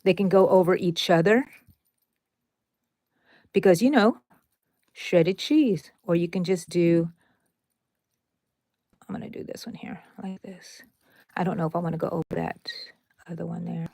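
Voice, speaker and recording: Chatty woman with a gravelly edge. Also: fairly low pitch, a little slow, long pauses, dark tone, no echo, clean studio sound. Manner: chatty and playful, with sound effects and asides to viewers. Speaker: crochet tutorial host. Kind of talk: casual step-by-step crochet demonstration.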